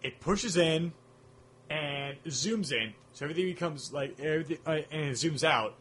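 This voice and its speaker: A man's voice: a little high, moderate pace, fairly bright tone, a little hiss or hum. A man co-hosting a casual film chat, rambling enthusiastically and humming music cues. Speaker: podcast co-host.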